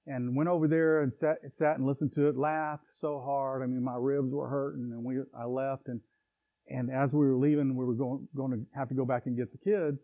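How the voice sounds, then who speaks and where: A middle-aged man preaches in a loose, conversational style, with chuckles and side remarks. His voice sits a little higher than most men's. The sound is thin and tinny, as if heard over a phone. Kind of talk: sermon.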